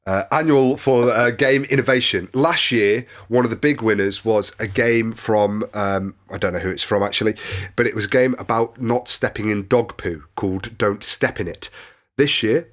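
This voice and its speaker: A man's voice: fairly low pitch, moderate pace, a bit bright. A man co-hosting a podcast, reading news in a sweary, exasperated rant. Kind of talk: casual podcast banter.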